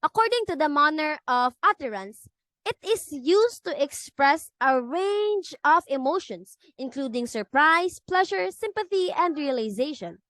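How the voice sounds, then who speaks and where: A woman reads a lecture presentation from a script, catching on words now and then and restarting her sentences. Her voice sits high and moves through lively rises and falls. The sound is dry and close. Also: a little slow, no echo. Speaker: student presenter.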